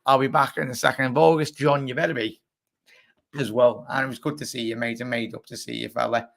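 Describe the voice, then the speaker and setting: A young Scouse man with a groggy, hoarse voice, hosting a casual live football chat and answering viewers as he rambles. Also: medium pitch, fairly even intonation, a little fast, fairly bright tone. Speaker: livestream host.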